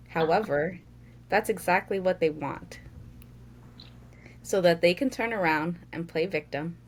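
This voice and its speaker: A woman co-hosting a podcast, chatting casually at a very slow, measured pace. She tells her stories steadily with many fillers, and a faint hiss sits behind her voice. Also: fairly low pitch. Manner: measured storytelling with frequent "like" fillers. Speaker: podcast co-host. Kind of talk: casual chat.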